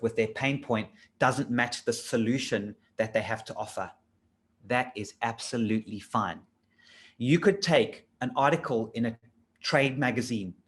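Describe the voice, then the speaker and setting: A middle-aged man teaches in a relaxed, chatty coaching style. His tone is keen and animated, and he drives home his points with rhetorical questions. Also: mid-range voice. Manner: enthusiastic, conversational, pushes points with rhetorical questions. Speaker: LinkedIn trainer. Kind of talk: casual coaching lesson.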